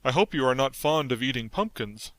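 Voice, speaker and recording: A man's voice: medium pitch, expressive, brisk, close to an everyday voice. Storybook pumpkin-head, male, timid and gloomy, worried tone, read by a man. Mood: fearful. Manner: fearful, gloomy, nervous. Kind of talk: audiobook character voice.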